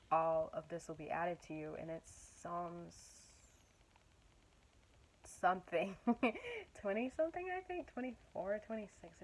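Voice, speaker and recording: A woman's voice: lowish voice, rough recording. A young woman talking casually and earnestly about her faith, rambling and searching for words with many fillers. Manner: earnest and encouraging. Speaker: Christian vlogger. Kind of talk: casual faith talk to camera.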